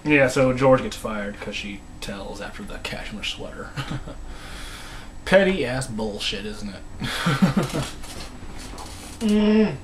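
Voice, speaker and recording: A man's voice: medium pitch, animated, slow pace, long pauses, background noise. A man casually recapping a TV episode, rambling with many restarts and voice dropping to a mumble. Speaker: episode reviewer.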